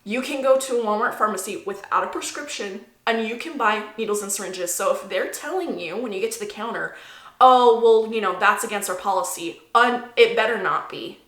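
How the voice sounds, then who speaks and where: A woman's voice: mid-range voice, a little fast, hardly any pauses, a bit bright. Indignant woman ranting in echoey room. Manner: indignant, emphatic, repeats herself. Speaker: vlogger. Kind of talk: angry personal rant to camera.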